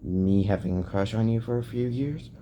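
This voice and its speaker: A man quoting a shy but quietly confident teenage boy in his own low, offhand voice. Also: moderate pace, dull audio, slight background noise, close to an everyday voice. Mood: matter-of-fact.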